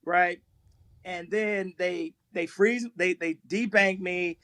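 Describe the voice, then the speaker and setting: Man, high voice, casual live stream talk, laughs a lot, repeats himself, dry recording. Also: a little slow, dry recording. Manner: laughs through his stories, animated, repeats himself. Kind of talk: casual storytelling.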